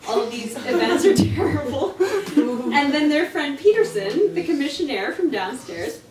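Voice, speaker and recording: A woman's voice: sits high, expressive, moderate pace, darkish tone. A woman author giving a chatty, laughing talk at a live reading in a bookstore. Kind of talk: casual talk at a live book event. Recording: echoey shop, mic from far off, faint noise.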